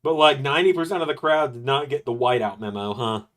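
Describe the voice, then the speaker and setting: A man hosting a live stream, chatting casually with quick, joking asides as he reacts. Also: medium pitch, expressive, fairly bright tone. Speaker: streamer host.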